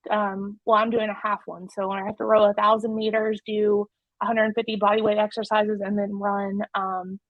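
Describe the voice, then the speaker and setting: A woman's voice: medium pitch, little pitch movement, moderate pace, dry recording. A woman presenting to an online audience, talking in a candid, heartfelt way with many restarts. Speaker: webinar presenter. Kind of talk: personal talk to an online audience. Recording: dry, muffled web call audio.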